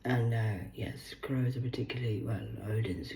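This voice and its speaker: A woman in her forties, losing her voice, who rambles, swears and swings between loud bursts and hushed asides as she hosts a solo chat. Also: rumbling low, moderate pace, reverberant, slight background noise, low-quality recording. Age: 40s. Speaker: host. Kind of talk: rambling solo live chat reading aloud.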